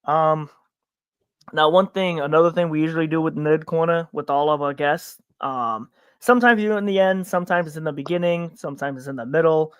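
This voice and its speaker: A man from upstate New York co-hosting a podcast in casual chat, rambling with many halting restarts. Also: on the high side, clear, resonant tone, no room sound. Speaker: podcast co-host.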